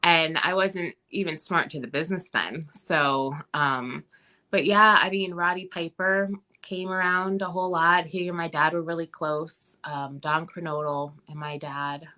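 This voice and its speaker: A woman guest telling family stories in a casual interview, chatty with many pauses and fillers. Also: low voice. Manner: chatty, many ums, animated when quoting.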